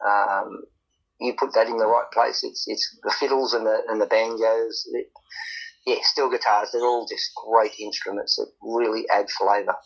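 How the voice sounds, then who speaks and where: Australian male country singer, husky, easygoing chat, dull lo-fi audio. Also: on the low side, little pitch movement, normal speed, a bit bright. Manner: chatty, laughs often, repeats words. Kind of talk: casual podcast chat. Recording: dull lo-fi sound.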